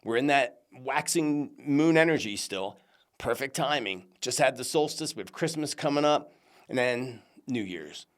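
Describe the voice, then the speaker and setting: Lively, animated man hosting a psychic show. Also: mid-range voice, a little slow. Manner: lively, animated, jokey, grateful. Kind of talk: casual chat reading viewer cards.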